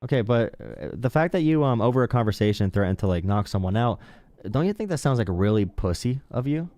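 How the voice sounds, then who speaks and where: A young man hosting a live political call-in show, talking calmly with lots of fillers and a mocking edge. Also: medium pitch, brisk, no room sound, clean studio sound. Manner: calm, mocking, filler-heavy. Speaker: host.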